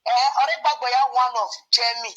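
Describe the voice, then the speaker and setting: A woman's voice: fairly high pitch, rapid-fire, fairly bright tone, highs cut off. A woman chatting casually and mixing in English words. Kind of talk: casual chat.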